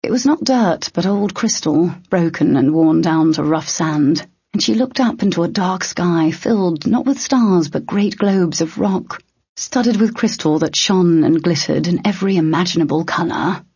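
Husky, measured audiobook narrator. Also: mid-range voice, dry recording. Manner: steady, measured storytelling. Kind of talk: scripted narration. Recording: dull, slightly lo-fi dry recording.

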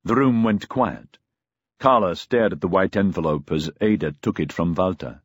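A man's voice: low voice, moderate pace, breathy edge, dry recording, dull audio. A man narrating a novel as an audiobook, telling the story expressively.

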